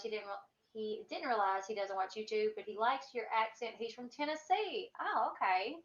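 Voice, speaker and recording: A woman's voice: on the high side, moderate pace, a bit bright. A woman in her thirties with a Southern US accent, rambling through a casual livestream chat with lots of fillers and a country twang. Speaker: YouTube host. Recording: dull lo-fi sound.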